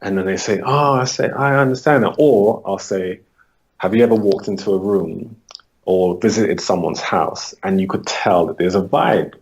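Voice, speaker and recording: A man's voice: sits low, darkish tone, husky. A man being interviewed as a holistic coach, patiently explaining his approach and acting out his talks with clients. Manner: acts out client dialogues, brisk and patient. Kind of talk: conversational explanation.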